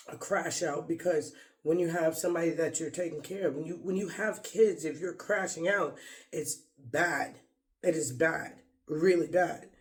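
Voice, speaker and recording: A man vlogging in a rambling, earnest monologue, casual and apologetic, often restarting his sentences. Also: a little high. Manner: heartfelt and apologetic; casual slang. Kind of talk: emotional off-the-cuff monologue.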